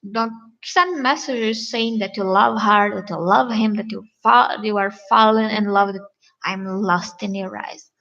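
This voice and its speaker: A woman relationship coach giving earnest advice in a halting, repetitive vlog manner. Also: mid-range voice, fairly bright tone, dull audio.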